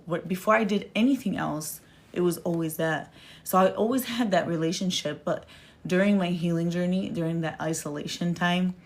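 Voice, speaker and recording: A young woman with a slightly low voice speaks from the heart on a live stream. She is close to tears and keeps circling back, repeating words to drive them home. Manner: earnest, repeats words for emphasis, many restarts. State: tearful, near crying. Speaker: speaker sharing her story.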